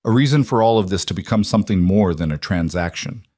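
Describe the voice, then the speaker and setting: A man giving measured, scripted audiobook narration of a romance story. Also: on the low side, animated, a little mellow, no echo, clean studio sound.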